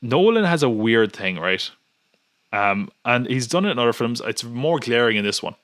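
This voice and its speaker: A man's voice: medium pitch, sing-song, normal speed, fairly bright tone, no echo, studio quality. A man hosting a podcast in casual chat, rambling and nitpicking with many restarts. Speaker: podcast host.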